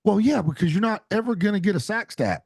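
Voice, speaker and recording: A man's voice: sits high, lively intonation, fast, vocal fry, a little mellow, slightly rough, no room sound, studio quality. A man in his forties co-hosting a podcast, chatting bluntly and teasingly about football. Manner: blunt, teasing, trails off and restarts. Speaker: podcast co-host. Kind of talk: casual sports chat.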